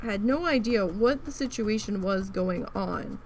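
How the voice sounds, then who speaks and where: A woman's voice: medium pitch, expressive, normal speed, gravelly, a little mellow, a little hiss or hum. A woman vlogger chatting frankly about an old job while she crafts, with many restarts. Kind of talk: casual storytelling while crafting.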